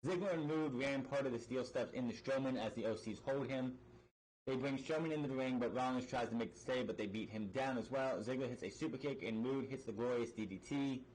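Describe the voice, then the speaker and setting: A man's voice: mid-range voice, a little mellow, a little hiss or hum, low-quality recording. A man giving a blunt, sarcastic recap of a wrestling episode, swearing freely and restarting his sentences often. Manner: rapid recap with frequent restarts and fillers. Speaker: wrestling show reviewer. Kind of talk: casual recap commentary.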